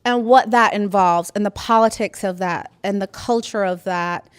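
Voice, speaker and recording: A woman's voice: medium pitch, moderate pace, clear, resonant tone, dry recording. A woman academic giving a conference panel talk, emphatic and speaking directly to the audience, checking in often with tag questions. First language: immigrant.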